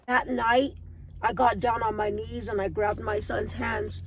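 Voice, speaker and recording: A woman's voice: fairly high pitch, flat delivery, unhurried, rough recording. A woman in her thirties telling viewers her own story in an earnest, emotional way. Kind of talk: personal storytelling to camera.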